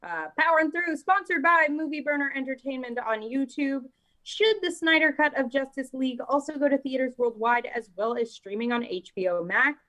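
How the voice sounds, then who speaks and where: A woman's voice: sits high, brisk, bright, forceful tone, rough recording. A woman co-hosting a casual movie podcast, talking in a thoughtful, conversational way and reading out poll results. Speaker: podcast co-host. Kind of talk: casual movie news chat.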